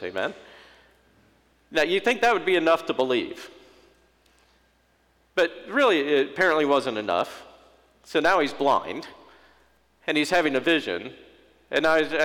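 A man preaching a sermon as pastor, in a relaxed conversational way with humorous asides and quoted inner thoughts. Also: mid-range voice, long reverb tail.

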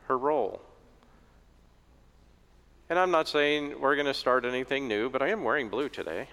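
A man's voice: medium pitch, a bit bright, clean tone. A middle-aged man preaching a sermon in a joking, conversational way, in a church. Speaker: pastor. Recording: echoey church reverb.

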